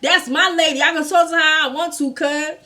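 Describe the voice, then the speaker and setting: Woman putting on a bright, raised-pitch young man from South Central, up in a stranger's face, cuz every line. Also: steady tone, fairly quick. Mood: confrontational. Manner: confrontational, repeats "cuz".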